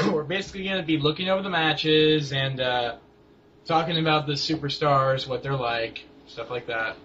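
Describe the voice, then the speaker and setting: A young man with a fairly high voice rambles through a casual wrestling chat, often stalling on fillers and restarts. The recording sounds dull and lo-fi, with a faint hiss underneath. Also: normal speed, sharp tone. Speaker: co-host of a wrestling blog.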